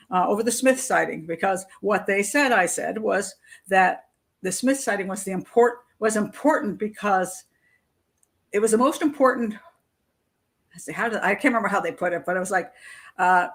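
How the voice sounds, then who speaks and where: A woman's voice: mid-range voice, a bit bright. Middle-aged woman host, blunt and chatty, plain mid-range voice, frequent chuckles. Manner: blunt, conversational, reads chat comments and laughs often. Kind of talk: live-stream commentary.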